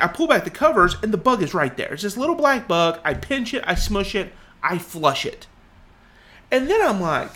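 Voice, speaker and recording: Animated man telling a story. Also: high-pitched, unhurried. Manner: animated, acts out quoted voices. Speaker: podcast co-host. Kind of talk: casual storytelling.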